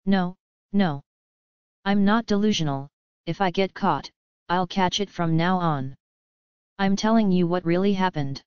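A woman's voice: on the low side, unhurried, long pauses, clean tone, no echo, lo-fi sound, natural voice. A woman voicing a distressed young noblewoman who pleads earnestly in formal speech. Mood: pleading.

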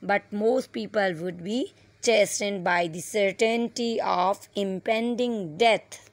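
A woman teacher giving an online English lesson, reading a passage aloud slowly and explaining word meanings with occasional fillers. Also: mid-range voice, no room sound. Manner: slow, deliberate reading with fillers.

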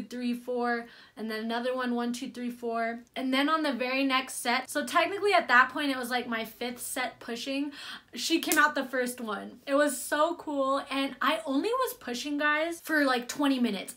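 Young woman vlogging her birth story, kinda high voice, chatty and gushy, lots of "like" and "you guys". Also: pushed and bright. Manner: chatty and gushing, many fillers, addresses viewers as "you guys". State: near tears at moments. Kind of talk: casual birth story vlog.

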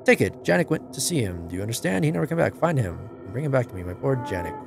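A man's voice: medium pitch, big pitch swings, fast, vocal fry, over music. A man doing a bitter old chicken lady. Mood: wary, grieving. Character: suspicious old chicken-keeping woman, fearful and bitter. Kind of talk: reading game dialogue aloud in voices.

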